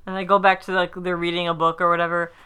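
A woman's voice: lowish voice, flat delivery, fast talker, sharp tone, clear, resonant tone. A woman recapping a sitcom episode in casual chat, rambling with fillers and acting out the characters' lines. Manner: chatty, rambling with many fillers, acts out quotes.

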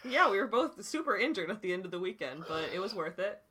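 A young woman with a bright, forward voice, talking animatedly in a loose, casual chat. She fills her speech with "like" and "dude" and reacts freely as she reads articles aloud. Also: mid-range voice, fast, a little hiss or hum. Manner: animated, chatty, lots of "like" and "dude".

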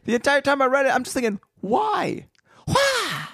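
A playful podcast co-host joking about a book chapter, quick with silly bits and mock outrage. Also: sits high, steady tone, a bit bright, no echo, studio quality. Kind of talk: casual chat, book club podcast.

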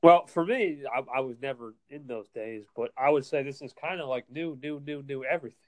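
A man's voice: mid-range voice, brisk, no room sound. A young adult man co-hosting a casual chat, upbeat and eager. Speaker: podcast co-host.

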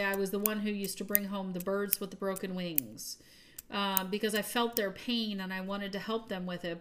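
A woman hosting a podcast, giving an earnest, upbeat spiritual talk that often trails off softly at the ends of phrases. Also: mid-range voice. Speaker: podcast host.

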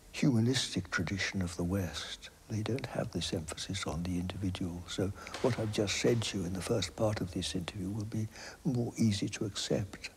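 An older man speaks in a low, gravelly voice with a steady grain of fry under his words. He gives reflective interview answers, hesitating and restarting often. He often slips into a soft, almost whispered delivery. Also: slight background noise. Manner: halting, hesitant, with many restarts.

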